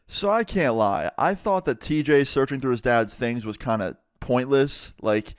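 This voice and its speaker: Young man, story-time vlogger, animated, profane, dry close sound, mid pitch. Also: clear, resonant tone, dry recording. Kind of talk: casual story-time vlog.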